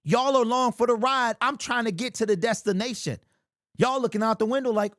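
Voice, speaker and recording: A man hosting a fan sports talk stream, reading chat aloud and ranting in an animated, exasperated way. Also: extremely high pitch, brisk, no echo, studio quality. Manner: animated, exasperated ranting, keeps saying "bro".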